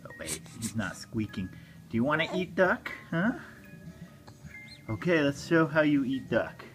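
Low-voiced woman coaxing a toddler. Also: very animated, unhurried, soft background music. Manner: coaxing, sing-song questions. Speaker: parent playing with a toddler. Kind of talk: baby talk at home.

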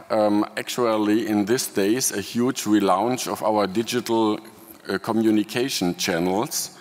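A lowish-voiced German man, a native German speaker, presents on a panel in a large conference hall, pausing often with ums and phrasing things carefully. His voice carries a long hall reverb. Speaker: city official panelist.

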